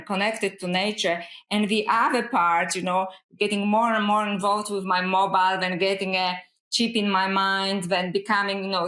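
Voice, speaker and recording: A woman's voice: mid-range voice, fairly bright tone. A woman guest and scholar talking in a reflective, earnest way, often saying "you know", in a podcast interview. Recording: roomy echo.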